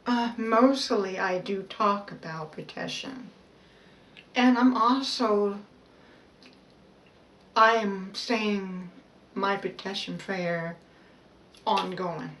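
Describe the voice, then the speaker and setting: A woman vlogging a personal self-help talk in a slow, halting, heartfelt way, pausing and restarting as she speaks. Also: mid-range voice, fairly bright tone. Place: outdoors. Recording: roomy echo, voice a bit far from the mic, faint background noise.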